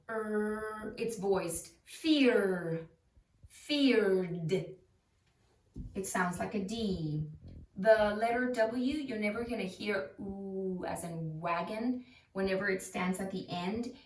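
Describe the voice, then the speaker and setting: A woman teaching a phonics lesson, who repeats sounds and words slowly to show how they are said. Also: medium pitch, far from the mic. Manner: slow, repeats sounds to demonstrate them. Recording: roomy, voice from off the mic.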